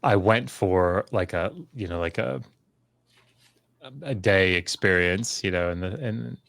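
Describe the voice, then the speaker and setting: A middle-aged man in relaxed conversation, telling a long personal story with many fillers and restarts, livening up when he quotes others. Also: sits low, a little slow, vocal fry, no echo. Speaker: podcast guest, scholar.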